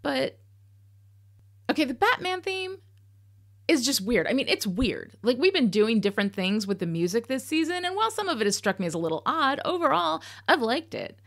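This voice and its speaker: A woman's voice: a little high, sing-song, fairly quick, gravelly, few pauses. A woman hosting a podcast, giving candid, sarcastic commentary on a TV episode, swearing casually. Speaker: podcast host.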